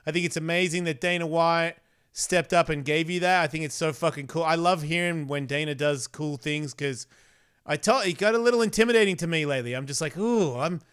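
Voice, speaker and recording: Man, podcast host, crude animated storytelling, high voice, smooth clear tone. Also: a little fast. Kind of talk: casual chat.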